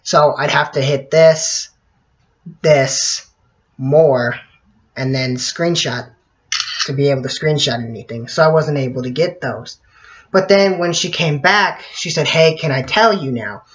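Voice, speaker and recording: A teenage boy telling a personal story to camera in a rambling way, with many fillers, often clearing his throat. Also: a little high, a little slow, a bit bright. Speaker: vlogger. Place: bedroom at night. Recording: dull lo-fi audio.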